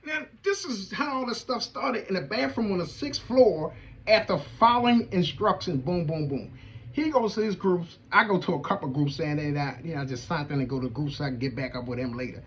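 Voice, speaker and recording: A middle-aged man giving an animated, emphatic personal testimony to an audience in casual vernacular. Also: high voice, fairly quick, muffled recording, slight background noise. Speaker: veterans' advocate hosting a show.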